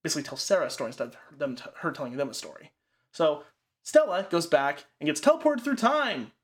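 A man with a voice a bit higher than most men's talks loosely through a horror film plot. He rambles, fills his sentences with "like" and swears casually. It is relaxed, unscripted chat between friends. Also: quick pace.

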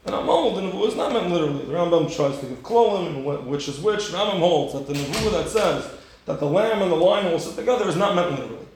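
A man giving a Torah class, animated and rhetorical, acting out the story with sudden high bursts. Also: quick pace, a little hiss or hum. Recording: very echoey room.

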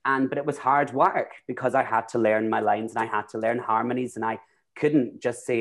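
A Scottish man talking through his stories in a loose, chatty way, often restarting his sentences. His pitch sits in the middle for a man, neither deep nor high. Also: fairly even intonation, brisk. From Scotland. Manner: chatty, rambling, with frequent restarts. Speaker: guest, drag queen and actor. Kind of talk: casual chat.

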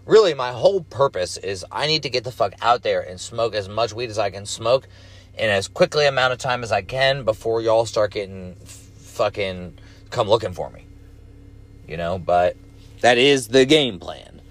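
Profane, rambling man with a lowish voice. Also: lively intonation, normal speed. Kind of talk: casual storytelling monologue.

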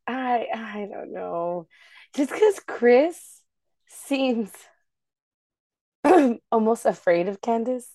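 A woman's voice: a little high, animated, very slow, pauses often, dark tone, dry recording, studio quality. A woman co-hosting a casual gossip chat, thinking aloud hesitantly about reality TV drama. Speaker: podcast co-host.

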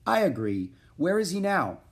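A male narrator voicing an older man of learning, patient and measured as he explains. His delivery moves with lively pitch and reads like a storybook. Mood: calm. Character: calm, wise older male teacher.

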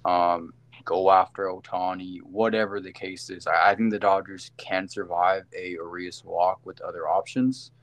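A man's voice: low voice, fairly even intonation, moderate pace. A man co-hosting a casual sports podcast, rambling through game recaps with lots of fillers and self-corrections. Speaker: podcast co-host.

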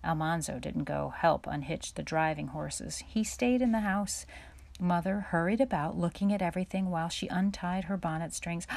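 A woman narrating a children's storybook chapter aloud in a steady, measured way. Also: on the low side, vocal fry, no echo. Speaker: audiobook narrator. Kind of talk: storybook reading.

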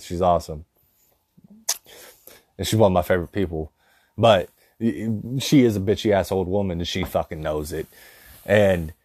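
A man with a fairly low voice tells crude, rambling stories, swearing in nearly every line. He talks loosely and casually, and the recording is dry and close with no room echo. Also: a little mellow. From rural dairy farm upbringing. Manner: profane, rambling, laughs at own stories. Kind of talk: casual comedic storytelling.

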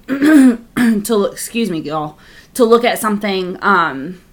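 Frank, sweary woman podcast co-host; loose, filler-heavy chat at a middle pitch. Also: expressive, takes it slowly. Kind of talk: casual chat.

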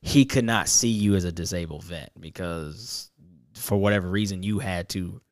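A man's voice: deep voice, normal speed, no room sound, clean studio sound. A man co-hosting a podcast, talking thoughtfully and reflectively in casual conversation. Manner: thoughtful, reflective, searching for words. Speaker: podcast co-host.

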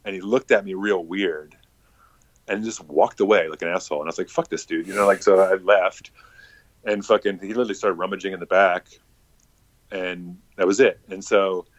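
A man's voice: low voice, steady tone, normal speed, dry recording. A man telling a casual, rambling story full of swearing and filler words.

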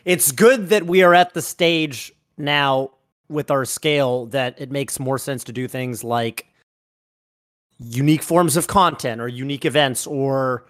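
A man's voice: medium pitch, unhurried, fairly bright tone. A man in a conversational discussion, speaking thoughtfully and affirming the others' points.

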